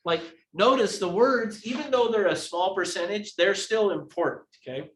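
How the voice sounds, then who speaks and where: A man's voice: sits high, moderate pace, a little hiss or hum. A man teaching a live real estate training class who acts out examples as he explains them. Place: training room. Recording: echoey room.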